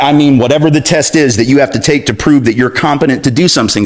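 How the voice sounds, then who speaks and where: A man speaking to an audience in a lively, conversational way. He tells his story with self-mocking humor and drops in quick asides to check that listeners are following. His voice sits at an ordinary middle pitch. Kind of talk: storytelling talk.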